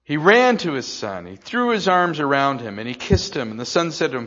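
An older man preaching a sermon, dropping to slow hushed phrases and then rising loud and excited. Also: a little high. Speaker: pastor. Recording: slightly dull, lo-fi.

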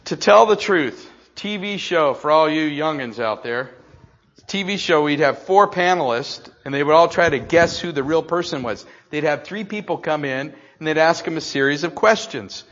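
An older man preaching a sermon, dropping to slow hushed phrases and then rising loud and excited. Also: a little high. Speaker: pastor. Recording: slightly dull, lo-fi.

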